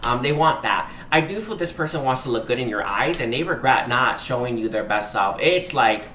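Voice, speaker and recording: A man doing a tarot reading speaks in a bright, forward, mid-range voice at a normal pace, expressive, earnest and emotionally moved. He hesitates often, searching for words and apologizing. The recording has a roomy echo with faint background hiss.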